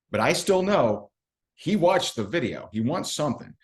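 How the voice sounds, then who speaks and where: A man's voice: medium pitch, expressive, moderate pace. A man giving a recruiting training talk, telling stories in a chatty, self-mocking way and acting out what people said. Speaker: network marketing trainer.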